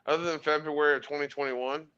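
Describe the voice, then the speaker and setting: Man, bright tense voice, self-mocking podcast banter, dull lo-fi audio. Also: a little high, level tone, clear, resonant tone. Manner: easygoing, self-mocking, quick to laugh. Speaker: podcast co-host. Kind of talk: casual chat.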